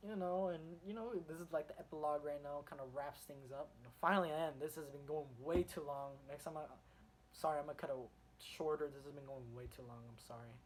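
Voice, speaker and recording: A man with a fairly high voice talks through a comic book review, hopping from scene to scene with eager energy. He rambles, restarts his sentences, and leans heavily on fillers as he goes. A faint hiss of noise sits under his voice. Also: fast, rough recording. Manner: excited retelling of the story.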